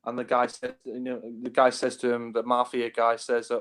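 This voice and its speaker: A man's voice: medium pitch, completely flat delivery, moderate pace, fairly bright tone, clear, resonant tone. A man talking casually about films, rambling with many fillers and frequent chuckles. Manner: rambling, heavy on fillers, laughs often. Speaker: film reviewer. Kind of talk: casual film discussion.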